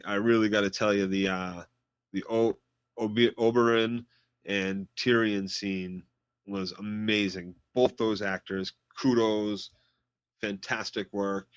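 A man's voice: on the low side, dry recording. A man co-hosting a casual recap podcast, enthusiastic and stumbling over his words as he praises what he has watched. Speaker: podcast co-host. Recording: dull dry lo-fi mic.

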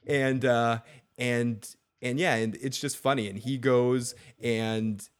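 A man in casual podcast chat who tells a story with gusto and acts out each moment as he goes. He swears freely and keeps the retelling lively. His pitch sits in a middle range. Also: slow pace, clean tone. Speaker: podcast co-host.

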